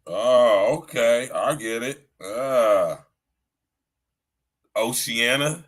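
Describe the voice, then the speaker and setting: Speaking very slowly at a medium pitch, this middle-aged podcast host keeps his livestream casual and slangy. "You know what I'm saying" comes up again and again.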